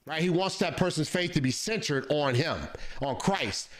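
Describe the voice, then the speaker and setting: A man preaching in a played clip, explaining calmly and measuredly with some fillers. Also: fairly high pitch, normal speed. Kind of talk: calm sermon explanation.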